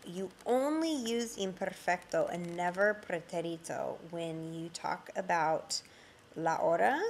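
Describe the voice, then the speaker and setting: A woman's voice: fairly low pitch, a little slow. A woman teaching a grammar lesson, patiently explaining with frequent ums, reading example sentences and then translating them. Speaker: Spanish teacher. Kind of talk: slide-based grammar lesson.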